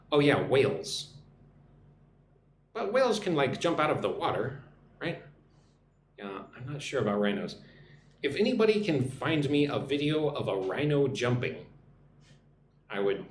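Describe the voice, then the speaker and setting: Chatty male teacher, lively voice. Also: mid-range voice, a little hiss or hum. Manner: chatty, musing aloud, reading viewer comments. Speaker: English teacher. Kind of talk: live-streamed English lesson. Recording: echoey room with faint ambience.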